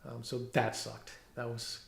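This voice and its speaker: A middle-aged police officer giving a personal testimony at home, talking haltingly with many fillers and restarts. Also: male voice, mid-range voice, completely flat delivery, gravelly, reverberant. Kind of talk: personal testimony, reading from notes. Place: room at home.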